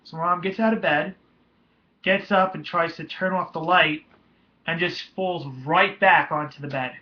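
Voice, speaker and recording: A young man telling a painful personal story in a halting, emotional way, with many restarts. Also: a little high, steady tone. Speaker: vlogger. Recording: dull lo-fi home recording.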